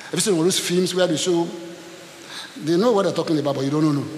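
A man preaching a sermon as pastor, dramatic and animated, acting out scenes. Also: on the high side, fast talker. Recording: echoey hall with faint hiss.

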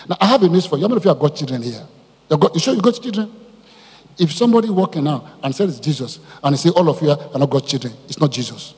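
A man preaching a sermon to his congregation as their pastor, animated and often putting questions to the listeners. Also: on the high side, quick pace, breathy edge, in a large hall. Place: church hall.

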